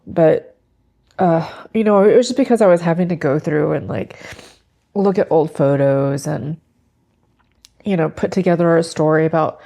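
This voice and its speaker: Woman, 50s, lifestyle vlogger, casual and reflective chat, lower voice, mellow timbre. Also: moderate pace, creaky, long pauses. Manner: chatty, reflective, tearful at times, baby-talks to her dog. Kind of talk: casual vlog talk to camera.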